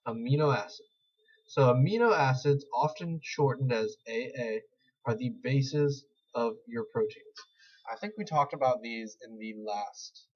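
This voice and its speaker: A young man giving a casual screen-recorded tutorial, rambling and self-deprecating as he explains. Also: mid-range voice. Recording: slightly dull lo-fi mic.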